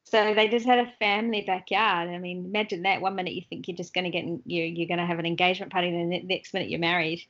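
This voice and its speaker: A woman's voice: fairly low pitch, steady tone, fast talker, few pauses, a bit bright, lo-fi sound. An Australian woman chatting as a guest in a casual online interview, laughing often as she talks.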